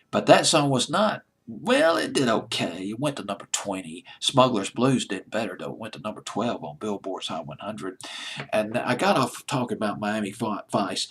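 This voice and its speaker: Husky low-voiced man rambling on his countdown. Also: big pitch swings, moderate pace, fairly bright tone. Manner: rambling, nostalgic, stumbles and corrects himself. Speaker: music countdown host. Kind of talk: casual solo commentary.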